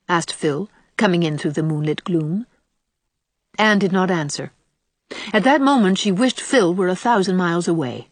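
A woman's voice: on the low side, dry recording. Woman narrating a novel. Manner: measured, expressive storytelling. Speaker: audiobook narrator. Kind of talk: scripted narration.

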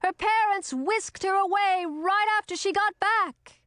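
A woman voicing a loud, excitable young female witch in a storybook, gushing and drawing out her words. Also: very high-pitched, no echo, clean studio sound, voice pushed up. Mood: chatty. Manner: gushing, drawn-out.

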